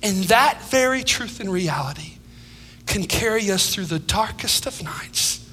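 Man, pastor preaching a sermon, very high voice, piercing bright tone, echoing hall. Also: expressive, measured pace. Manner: dynamic preaching, drops to hushed tones, sing-song phrasing. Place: church sanctuary.

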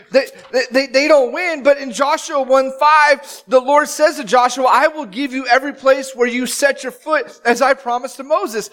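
A man in his thirties preaching a sermon as pastor, telling the story with animated, dramatic acted-out quotes. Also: extremely high pitch, moderate pace, few pauses.

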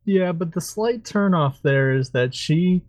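A man's voice: on the high side, expressive, unhurried, a little mellow, no echo. Easygoing joking man on a podcast. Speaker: podcast co-host. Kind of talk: casual chat.

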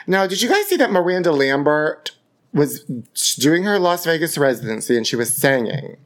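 A man's voice: fairly high pitch, very animated, normal speed. A man hosting a gossip podcast from his apartment, theatrical and camp, calling listeners honey. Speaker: podcast host. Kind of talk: campy gossip chat. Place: home apartment. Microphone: podcast microphone.

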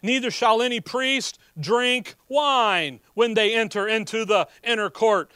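A man preaching a sermon, reading scripture and explaining it in a folksy, animated way. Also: high-pitched, a little slow, hardly any pauses, smooth, dry recording, studio quality.

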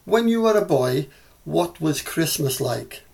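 A man's voice: a little high, expressive, a little slow, vocal fry, darkish tone, slightly rough, heavily acted. A man with a Scouse accent reading the part of a curious small boy who questions his older self. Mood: inquisitive.

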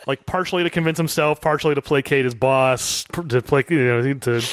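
A young man co-hosting a podcast, chatting casually about a film and breaking into quick voices for the characters. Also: mid-range voice, no room sound, clean studio sound. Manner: animated, acts out movie quotes in character voices. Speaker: podcast co-host.

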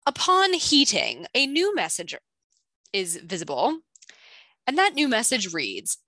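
Bright, chatty woman podcast host. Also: on the high side, huge pitch swings, dry recording. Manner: chatty, quick asides, reads clues aloud. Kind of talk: casual chat recapping a book.

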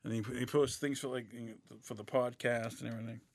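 Podcast co-host, relaxed swearing talker, gravelly voice, dry sound. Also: mid-range voice, fast talker, dry recording. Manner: laid-back, swears casually. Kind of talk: casual chat.

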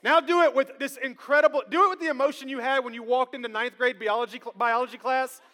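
Man, pastor's sermon, lively call-and-response, long church-hall echo. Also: very high voice, fast talker. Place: church sanctuary.

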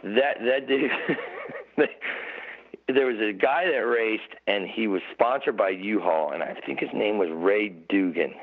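A middle-aged former motorcycle racer, appearing as a podcast guest, speaks a little slowly in a fairly low voice. He tells rambling, laughing stories about the old days with lots of restarts, in a casual chat. The audio is tinny and phone-like.

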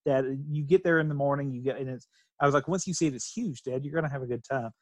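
A man's voice: medium pitch, fast talker, dry recording. A middle-aged man from Kentucky telling a family story in casual chat, rambling and laughing as he goes. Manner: rambling, restarts and laughs while telling stories.

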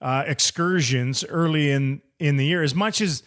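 A man's voice: a little high, moderate pace, a bit bright. A man co-hosting a sports podcast, chatting casually and playfully with frequent repeated words. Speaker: podcast co-host. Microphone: studio headphones and mic.

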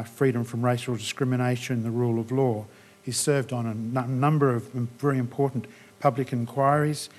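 A man giving a polite, slightly halting formal introduction as an event host. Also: medium pitch, a little mellow.

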